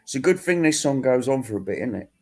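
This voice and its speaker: A man's voice: medium pitch, lively intonation, fast talker, vocal fry, darkish tone. A man hosting a rambling comic monologue, ranting crudely and laughing at his own jokes. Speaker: host answering viewer questions.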